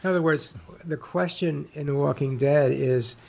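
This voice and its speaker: Halting, gravelly-voiced man. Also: on the high side, a little mellow. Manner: halting, many fillers and restarts. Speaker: author guest. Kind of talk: interview conversation.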